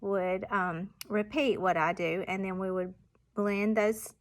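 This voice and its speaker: Slow, patient woman teacher. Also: mid-range voice, fairly even intonation. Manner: slow and patient, sounding out example words with deliberate emphasis. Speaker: primary school teacher. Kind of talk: explaining classroom reading exercises to parents.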